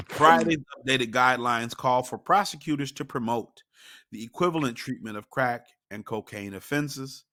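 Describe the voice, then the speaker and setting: A man co-hosting a casual political talk show, with a middle pitch. He reads news items at a measured pace and drops in wry remarks between them. The recording is dry and close. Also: pushed and bright, no echo. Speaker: podcast co-host. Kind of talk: casual political chat, reading news aloud.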